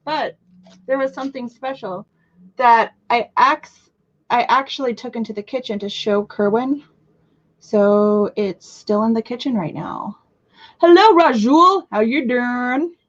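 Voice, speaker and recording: A young woman in her twenties hosts a live crafting stream in a loose, rambling chat. She jumps between topics, pokes fun at herself and lets out sudden squeals. Her voice sits a little high and comes through muffled, lo-fi audio. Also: unhurried. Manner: chatty, scattered and self-mocking, with bursts of squeals. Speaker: crafting livestream host.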